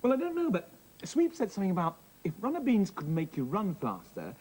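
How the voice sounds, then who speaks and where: A man's voice: sits high, huge pitch swings, fairly quick, a little mellow. A man presenting a children's TV show in a playful, exaggerated and giggly way.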